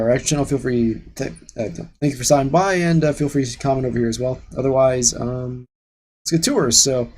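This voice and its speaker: A man's voice: mid-range voice, darkish tone. A man hosting a let's-play, giving sarcastic, ranting commentary with casual swearing. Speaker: gaming channel host.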